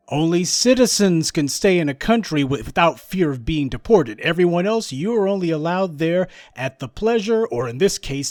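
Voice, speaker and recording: Male commentator, higher pitch, mocking tone, dry close mic. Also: no room sound. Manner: sarcastic, mocking, acts out voices of others. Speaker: political commentator. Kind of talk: monologue commentary on news clips.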